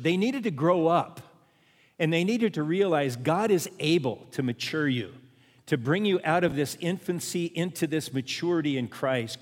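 Pastor preaching in a reverberant hall. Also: male voice, fairly high pitch. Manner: repeats refrains, asks the listeners questions. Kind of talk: sermon.

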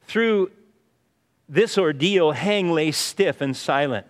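Male preacher, sermon, earnest storyteller, fairly high voice, long hall reverb. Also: lively intonation, slow. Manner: earnest storytelling, often says "you see". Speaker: pastor.

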